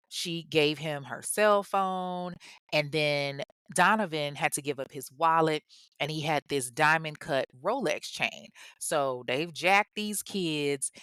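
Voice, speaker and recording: A woman's voice: low-pitched, fairly bright tone, clean tone, dry recording, studio quality. A woman hosting a true crime show, retelling a case in a conversational way full of asides. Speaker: host.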